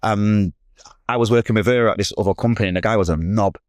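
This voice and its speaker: A man, a podcast guest telling a personal story in rapid, slangy speech and acting out the people in it. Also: on the low side, no echo, clean studio sound. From Manchester, England. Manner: rapid, slangy, retells scenes with animated quoted voices.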